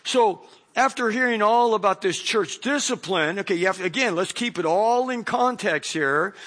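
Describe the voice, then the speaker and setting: A man's voice: sits high, normal speed. A middle-aged man preaching a sermon, reading a Bible passage and commenting on it as he goes. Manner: animated storyteller, acts out voices.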